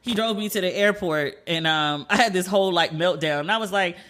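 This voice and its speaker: Brief: woman podcast host, bright and punchy, chatty storyteller who acts out the voices she quotes. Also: fairly low pitch, a little fast, hardly any pauses. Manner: chatty, animated, swears, acts out quoted dialogue.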